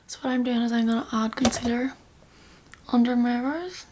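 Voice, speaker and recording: A woman's voice: a little high, steady tone, fairly quick, mellow, a little hiss or hum. A young woman giving a casual makeup tutorial, chatty and rambling, often dropping into a half-whisper. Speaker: beauty vlogger.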